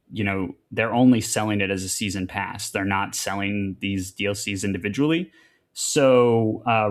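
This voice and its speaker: Man chatting on a podcast, lowish voice. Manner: rambling, many fillers and restarts. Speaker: podcast co-host reviewing a game. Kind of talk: casual podcast chat.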